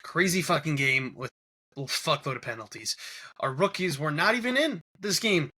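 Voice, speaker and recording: A man's voice: a little high, animated, normal speed, sharp tone, slightly rough. A man with a New York accent hosting a casual sports podcast, ranting with heavy profanity. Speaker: podcast host.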